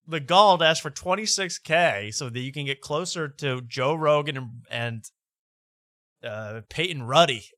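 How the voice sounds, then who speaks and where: A man with a bright, edgy voice hosts a late-night comedy talk show. He mocks what he reads aloud and laughs often. The sound is dry and close. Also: a little high, moderate pace, dry recording. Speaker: host.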